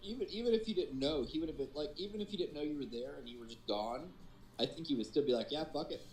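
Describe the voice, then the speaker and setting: Laid-back player, echoey room. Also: male voice, on the high side, fast, darkish tone. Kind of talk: tabletop game banter.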